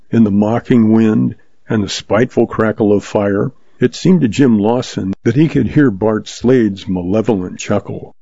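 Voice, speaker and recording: A man narrating pulp western stories in a steady, measured reading. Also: on the low side, vocal fry, slightly rough, no room sound. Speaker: story reader, host. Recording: dull lo-fi, dry.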